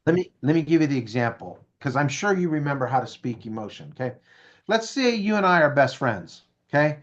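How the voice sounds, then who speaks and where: A man's voice: fairly high pitch, sing-song, a little fast, muffled recording. A man being interviewed who tells a story with energy, acts out the dialogue and keeps asking "right?" and "okay?". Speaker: guest speaker.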